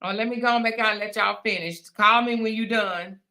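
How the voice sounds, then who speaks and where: A woman hosting a casual chat, reading viewer comments aloud and reacting in a lively, teasing way with frequent laughter. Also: medium pitch, brisk. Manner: animated, teasing, laughs often, playful asides.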